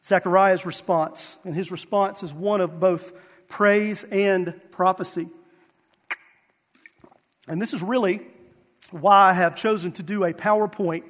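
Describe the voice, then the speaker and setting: A man's voice: high voice, fairly bright tone, big-room sound. A man, a pastor, preaching a sermon with earnest rhetorical questions.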